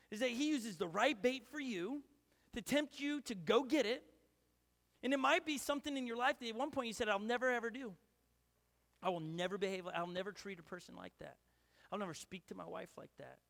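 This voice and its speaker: A man preaching a sermon with a high voice. He talks casually and rambles, full of fillers and restarts. His voice rings with a long reverb through the church hall. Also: fairly bright tone. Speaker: pastor.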